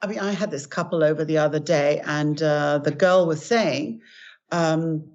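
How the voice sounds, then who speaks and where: On a dull, lo-fi recording, an older woman with a low, slightly mellow voice talks at normal speed. As a guest author in conversation, she earnestly teaches spiritual acceptance through stories with acted-out quotes.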